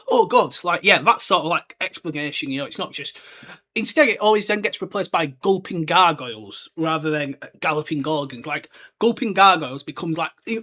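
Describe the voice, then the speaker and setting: A man's voice: fairly high pitch, a bit bright. A young man hosting a podcast, chatting casually and rambling with lots of filler words. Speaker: podcast host. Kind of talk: casual solo book discussion.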